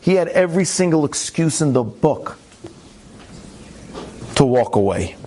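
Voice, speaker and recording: A man's voice: fairly high pitch, measured pace, a little hiss or hum. A man who is a rabbi, telling a story in a conversational way and acting out the quotes. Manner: animated, conversational, acts out the quotes. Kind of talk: storytelling talk.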